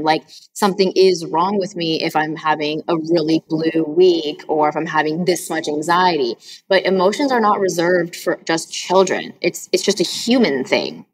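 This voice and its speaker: A woman's voice: on the low side, moderate pace, low-quality recording. A woman hosting a podcast and coaching clients, talking candidly and emphatically in casual chat, with some swearing. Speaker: podcast host and healing coach.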